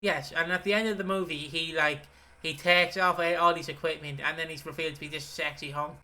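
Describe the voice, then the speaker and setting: Bright, rambling male podcast co-host. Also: a little high, steady tone. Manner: rambling, halting, sweary. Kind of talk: casual chat.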